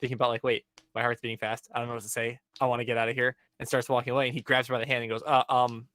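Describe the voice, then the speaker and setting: A man's voice: medium pitch, racing, no room sound. Dry, chatty young man retelling a story. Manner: animated storytelling, acting out characters' lines with many "um" and "like". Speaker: podcast co-host recapping an anime episode. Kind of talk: casual chat.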